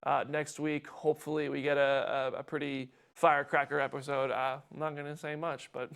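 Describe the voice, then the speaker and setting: A man hosting a casual recap show, talking fast and excitedly with frequent restarts. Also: fairly high pitch, vocal fry, smooth. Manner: fast, excited, talks over co-host with restarts. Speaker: show host.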